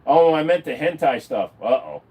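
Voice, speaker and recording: A man with a higher voice and a breathy edge talks at normal speed during a casual livestream chat. Animated and rambling, he fills gaps with fillers and swears freely.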